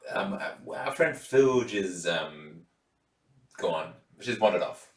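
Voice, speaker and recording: A man's voice: low-pitched, lively intonation, takes it slowly. A man playing a tabletop game, with dry, hesitant asides. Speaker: player. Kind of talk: casual tabletop game play. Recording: roomy, distant mic.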